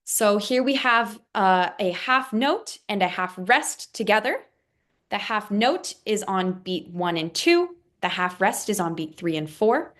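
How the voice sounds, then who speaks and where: A woman's voice: medium pitch, lively intonation, a little slow, a bit bright. A woman teaching a music lesson, patiently explaining rhythms and counting them out aloud.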